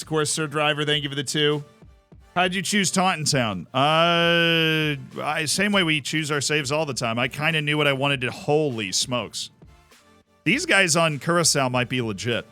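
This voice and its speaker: Bright-voiced chatty male streamer. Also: fairly high pitch, normal speed, smooth, soft background music. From Florida. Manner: chatty, enthusiastic, jokey asides. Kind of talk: casual gameplay commentary.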